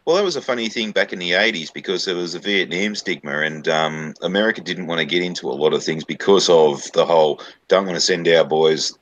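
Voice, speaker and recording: A man's voice: deep voice, quick pace, few pauses, fairly bright tone. A man co-hosting a live stream, rambling casually with plenty of swearing and filler. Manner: profane, rambling storyteller. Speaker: stream co-host. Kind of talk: casual chat.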